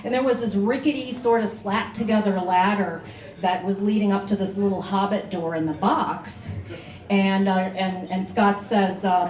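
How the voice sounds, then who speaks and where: A woman's voice: mid-range voice, fairly even intonation, moderate pace, darkish tone, reverberant, low-quality recording. A woman telling a personal story to a live audience, chatty, with many fillers and restarts. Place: live venue, beach bar room.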